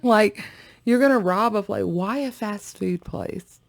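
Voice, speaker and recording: A woman's voice: mid-range voice, a little slow, vocal fry. A woman hosting a reaction video, chatting casually and rambling to her viewers with frequent giggles.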